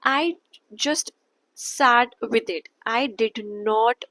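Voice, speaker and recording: A woman's voice: on the high side, extremely slow, bright, forceful tone, no echo, low-quality recording. Earnest young woman with an Indian accent. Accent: Indian English. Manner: earnest and repetitive, slips into Hindi phrases. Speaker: wellness vlogger. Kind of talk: casual talk to camera.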